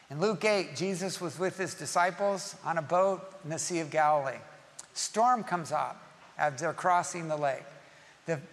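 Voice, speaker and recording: A male pastor preaching an animated sermon, acting out scenes and rising to shouts. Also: sits high, big-room sound.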